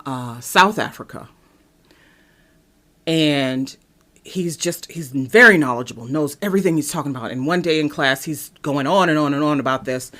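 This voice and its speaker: A woman's voice: on the low side, fairly bright tone. Young woman from east cleveland on her podcast, storytelling, gets emphatic and jumps way up when she stresses stuff. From East Cleveland, Ohio, USA. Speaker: podcast host. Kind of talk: personal commentary monologue.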